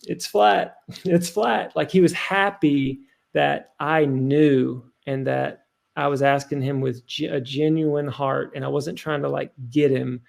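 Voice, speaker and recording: A man's voice: mid-range voice, steady tone, a little slow, gravelly. A man in his thirties, a podcast guest telling a story in an earnest, rambling way full of fillers.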